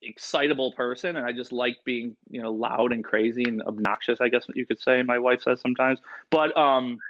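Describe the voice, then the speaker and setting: A man telling stories as an interview guest, excitable and rambling, full of "like" and "you know". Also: mid-range voice, brisk, highs cut off. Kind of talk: casual storytelling.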